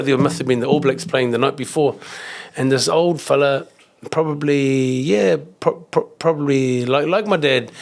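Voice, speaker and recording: A middle-aged man with a New Zealand accent, a kickboxing champion telling rambling, animated stories in a casual interview, swearing and acting out other people's voices. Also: mid-range voice, creaky. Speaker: kickboxing champion and coach, guest.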